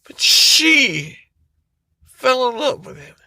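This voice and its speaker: Emotional, swearing man with a bright voice. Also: extremely high pitch, very animated, slow, dry recording. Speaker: YouTuber. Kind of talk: casual emotional comic retelling.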